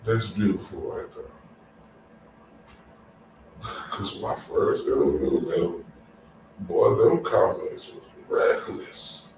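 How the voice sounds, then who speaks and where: A man's voice: sits low, lively intonation, slow, gravelly, long pauses, background noise. A man hosting a casual after-show chat, loose and exclamatory, laughing often. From Dallas, Texas. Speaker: show host. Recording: very echoey room, distant mic.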